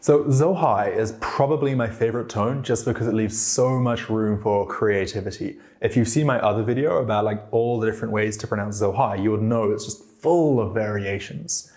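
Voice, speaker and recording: Low-voiced man explaining language tones. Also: normal speed, few pauses, a little mellow. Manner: demonstrates tones by acting out sounds. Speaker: language teacher.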